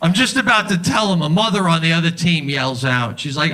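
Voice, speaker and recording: A middle-aged man doing a stand-up set, animated and exasperated, slipping into quick impressions. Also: fairly high pitch. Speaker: stand-up comedian. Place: club stage with a laughing audience. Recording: live stage recording with crowd laughter.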